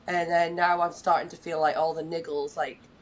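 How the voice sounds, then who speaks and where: A woman's voice: sits low, little pitch movement, moderate pace, low-quality recording. Chatty young woman podcast host. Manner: chatty and candid, swears casually. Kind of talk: casual chat.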